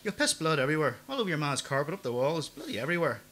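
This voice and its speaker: A man voicing a calm, cold-blooded traveller who speaks low and matter-of-fact in an audiobook. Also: very fast.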